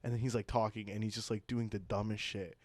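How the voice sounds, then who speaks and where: A man's voice: lowish voice, flat delivery, fast, darkish tone, no room sound. A man telling stories in casual podcast chat, rambling with lots of filler words and laughing often.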